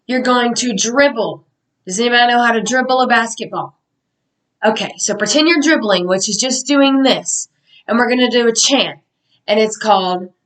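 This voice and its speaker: A woman's voice: a little high, fairly bright tone, distant mic, low-quality recording. A young woman giving a mock lesson to a class of children in an upbeat, sing-song teacher voice.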